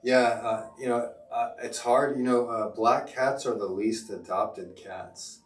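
A man's voice: mid-range voice, fairly even intonation, takes it slowly. A middle-aged man, a teacher hosting a casual livestream, rambling with many fillers and restarts. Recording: echoey room, far from mic, music behind.

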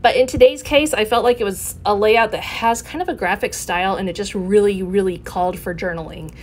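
A woman hosting her own scrapbooking channel, talking through her layout in a relaxed, explanatory way with frequent ums. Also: medium pitch, a little fast. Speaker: scrapbooking video host. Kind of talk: casual craft tutorial narration.

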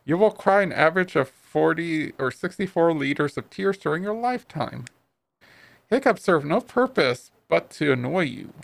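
A man voicing a talking toy tuna in a video game, reciting odd fun facts in a flat, matter-of-fact way. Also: a little high, normal speed, gravelly, no echo. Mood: deadpan. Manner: cheerful deadpan fact recital.

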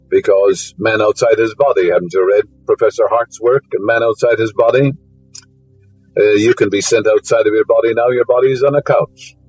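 A man's voice: fairly low pitch, a little mellow, low-quality recording. A man giving a spiritual lecture, full of fillers, whose voice rises sharply on key words. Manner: rambling, fillers, rising emphasis on key words.

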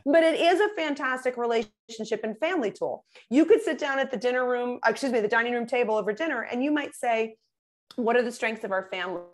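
A middle-aged woman, a guest in an interview, talks fast with few pauses as she tells stories in a lively way. She acts out the voices of the people in them, her pitch jumping widely.

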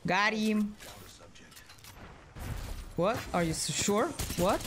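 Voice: medium pitch, slow pace, long pauses. A gamer and channel host chatting casually over a match, swearing and laughing often. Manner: excitable, swearing, laughing a lot. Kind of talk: casual gaming chat. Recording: noisy game audio background.

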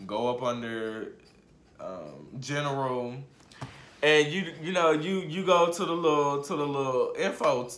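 A man vlogging a storytime in casual slang, swinging from muttered asides to shouted outbursts. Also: medium pitch. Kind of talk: storytime vlog. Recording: roomy echo.

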